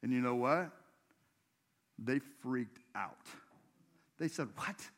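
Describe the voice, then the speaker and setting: A man's voice: mid-range voice, slow. A male pastor preaching a sermon in a church, talking conversationally and asking the congregation questions.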